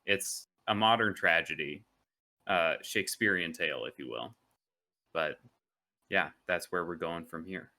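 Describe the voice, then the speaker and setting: Deep, slow-talking man, smooth and bright. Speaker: player. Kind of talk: casual chat.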